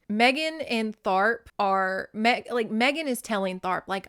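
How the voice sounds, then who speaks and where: A woman's voice: mid-range voice, normal speed, hardly any pauses, a bit bright, smooth. Female podcast host, mid-range voice, loose and profane, recaps a book with plenty of filler words. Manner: chatty and profane, with lots of "like" fillers.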